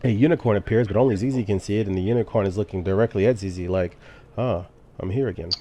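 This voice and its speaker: A man narrating as game master in a tabletop game, quick and matter-of-fact. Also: on the low side, warm tone, slight background noise.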